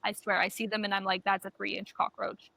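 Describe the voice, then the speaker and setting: Woman, co-host, casual chat, bright voice, dry close sound, animated storytelling. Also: medium pitch, fairly quick, creaky, dry recording. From Canada. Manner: animated storytelling, swears often. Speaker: podcast co-host.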